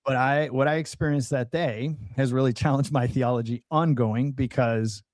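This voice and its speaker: A man sharing a personal testimony as a podcast guest, his voice mellow and unhurried. He talks earnestly, doubling back and restarting as he goes. The close microphone leaves the sound dry, with no room around it. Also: medium pitch, fairly even intonation, no room sound. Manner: earnest storytelling with many restarts and fillers.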